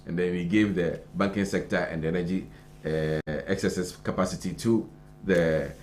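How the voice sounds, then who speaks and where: A man's voice: low-pitched, steady tone, normal speed, a little mellow, slight background noise. A Ghanaian man co-hosting a morning show, reading headlines aloud and then commenting on them in casual chat. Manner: conversational, reads headlines then adds loose comment. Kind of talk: casual news review chat. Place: broadcast studio.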